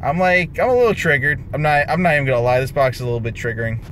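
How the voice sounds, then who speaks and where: A man's voice: racing, fairly bright tone, slight background noise. A young man commenting on a mobile game unboxing, exasperated and complaining. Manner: exasperated, groaning and complaining, sudden jumps in pitch. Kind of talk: frustrated gameplay commentary.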